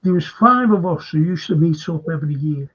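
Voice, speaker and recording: A man's voice: on the high side, animated, brisk, a bit bright, husky. An older man hosting a show, telling a rambling story in casual chat and repeating himself. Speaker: host. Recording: dull lo-fi stream audio.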